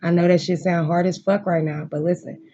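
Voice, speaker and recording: Emphatic, profane tarot reader with a mellow voice. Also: medium pitch, little pitch movement, fairly quick, lo-fi sound. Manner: emphatic, repetitive, profane, emotionally intense. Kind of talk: tarot card reading, direct address to viewers. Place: room at home.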